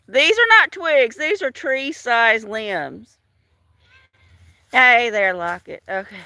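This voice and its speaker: A woman chats on a live stream while walking outside, greeting viewers by name and laughing often. Her voice sits high and swoops all over. The sound is dry and close. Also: expressive, slow pace, pushed and bright, no room sound. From Washington state. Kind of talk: casual live-stream chat. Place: outdoors in a storm-damaged yard.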